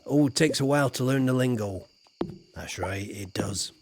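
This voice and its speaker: A man's voice: medium pitch, normal speed, very noisy. A man with a Yorkshire accent chatting casually and jokily to his viewers while playing a game. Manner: chatty, jokey, banters with chat, slips into put-on voices. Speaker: streamer. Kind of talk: casual game-stream chat.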